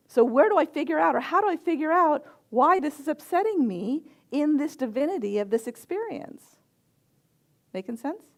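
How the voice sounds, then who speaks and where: A middle-aged woman minister giving a sermon, telling stories softly and acting out the people she quotes. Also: on the high side, gravelly. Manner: gentle storytelling with quoted voices and soft pauses.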